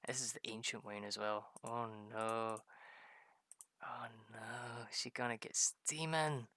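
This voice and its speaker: Guy rambling over his game, laughs a lot, gravelly. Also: mid-range voice, fairly even intonation, takes it slowly, bright, forceful tone, no echo. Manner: rambling, chatty, laughs often. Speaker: gaming video host. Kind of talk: casual gameplay commentary.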